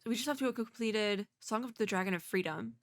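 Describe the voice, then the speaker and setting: A woman reacting to a game presentation in a chatty, rambling way, laughing often and jumping into high squeals at cute things. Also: a little fast. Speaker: video game streamer. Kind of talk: reaction commentary.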